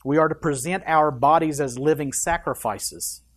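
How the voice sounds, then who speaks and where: A male pastor delivering a sermon in a church, his voice swinging from loud, stressed phrases down to quiet, low asides. He speaks straight to the people in the pews and puts questions to them. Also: normal speed. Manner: emphatic preaching with wide swings in loudness and pace; addresses the congregation directly with questions.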